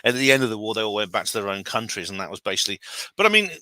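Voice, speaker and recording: A man with a very bright, forceful tone hosts a relaxed talk show. His voice sounds dry and close, and he talks in an animated, storytelling way. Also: lowish voice, very fast, dry recording. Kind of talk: casual podcast chat.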